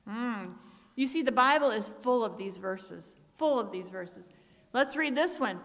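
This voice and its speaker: A middle-aged woman preaches in a church sanctuary, telling family stories, acting out relatives' voices, and reading Bible verses aloud. Her voice sits a little high and fairly bright, with lively intonation, an unhurried pace, and long pauses. The hall's reverb carries through the recording.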